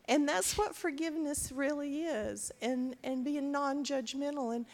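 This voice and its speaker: A woman's voice: high voice, a little slow, a little mellow. A middle-aged woman, speaking as a co-pastor to her congregation in an earnest, rambling way with many restarts. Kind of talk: sermon talk to a congregation. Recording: reverberant church hall.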